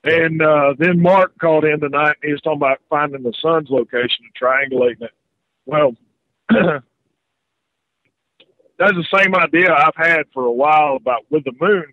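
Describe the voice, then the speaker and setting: A North Carolina man with a slightly high voice calls into a radio show and tells a rambling story with many hesitations. The phone line sounds tinny and dry, with no echo.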